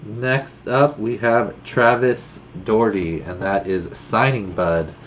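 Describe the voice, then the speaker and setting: A man's voice: on the low side, slow, a little hiss or hum. A man co-hosting a casual livestream from a home studio, announcing pilots and laughing easily. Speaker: co-host.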